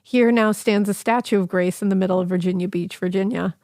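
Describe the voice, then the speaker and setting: A woman reads a listener's ghost letter aloud on a podcast, breaking off for laughing, cheeky asides and the odd swear. Her voice sits at a middle pitch. The sound is close and dry, with no room around it. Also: brisk, dry recording. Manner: animated, laughing, swearing casually.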